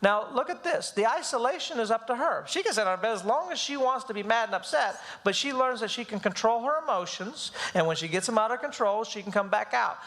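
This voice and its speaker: High-voiced man teaching a parenting class. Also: a little fast, hardly any pauses. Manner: animated, acts out whiny children's voices. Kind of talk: live church class talk.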